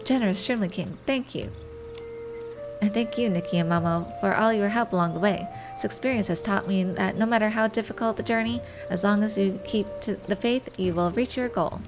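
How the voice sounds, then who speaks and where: A woman's voice: mid-range voice, fairly quick, over music, natural voice. A woman reading the lines of an earnest young messenger in a game, speaking formally and from the heart.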